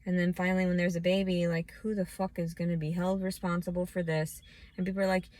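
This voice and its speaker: A woman vlogging a scattered, profane rant that swings from low muttering into shouting. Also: level tone, fast, no echo. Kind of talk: ranting personal monologue.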